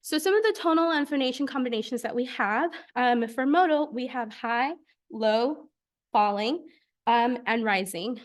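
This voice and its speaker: A young woman from the United States giving an academic research presentation, explaining carefully with frequent filler pauses. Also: a little high, lively intonation. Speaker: graduate student presenter.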